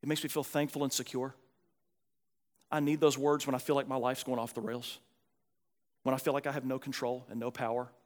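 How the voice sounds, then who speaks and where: A male pastor preaching a sermon, earnest, moving from animated emphasis to quiet, soft reflection. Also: mid-range voice. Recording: long hall reverb.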